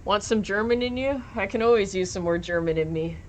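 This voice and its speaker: A woman's voice: mid-range voice, brisk, darkish tone, slight background noise. Giggly, playful woman streamer. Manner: playful, giggly, reads chat aloud with innuendo. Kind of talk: casual live-stream chat while gaming.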